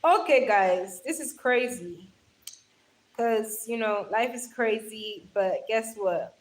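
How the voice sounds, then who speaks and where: Young woman, slightly high voice, casual livestream host, affectionate and chatty, talks into a handheld phone. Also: slow pace, poor audio. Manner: chatty, affectionate, calls viewers darling, laughs often. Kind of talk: casual livestream chat reading comments. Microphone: phone held in hand.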